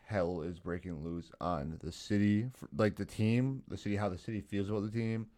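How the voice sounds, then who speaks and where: A man co-hosting a sports podcast, blunt and low-key, swearing as he talks. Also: steady tone, normal speed, dark tone. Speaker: podcast co-host. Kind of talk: casual sports chat.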